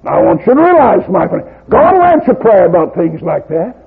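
Gravelly shouting preacher on tinny tape. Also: male voice, high-pitched, big pitch swings, fairly quick. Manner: swings from quiet storytelling to shouted preaching; plain folksy grammar. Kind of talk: sermon. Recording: tinny lo-fi recording.

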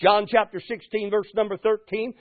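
A man preaching a sermon, building to fervent shouts and asking the congregation "Amen?". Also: high voice, little pitch movement, moderate pace, dry recording. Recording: tinny phone-like radio broadcast.

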